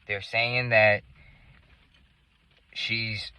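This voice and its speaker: A man voicing his panicked male boss on the phone, hushed and urgent. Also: on the low side, flat delivery, very slow, smooth, dry recording, pitched below the performer's own voice, heavily acted. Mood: grim.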